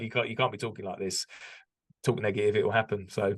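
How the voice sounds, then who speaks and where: British male interview guest, lower register, candid and reflective, casual chat. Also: fairly even intonation, racing. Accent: British English. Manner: reflective, candid, frequent restarts and ums. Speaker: podcast guest, business owner.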